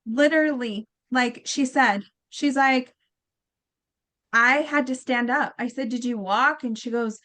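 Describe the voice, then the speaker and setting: Woman guest, high-pitched, animated storyteller who acts out every quote, loose and filler-heavy. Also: unhurried. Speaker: guest healer. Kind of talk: storytelling in casual chat.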